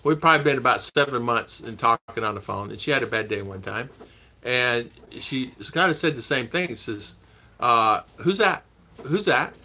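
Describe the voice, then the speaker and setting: A man's voice: mid-range voice, normal speed, pushed and bright. A man hosting a casual live stream, chatting with viewers, reading their names aloud and laughing often. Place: home in the Philippines.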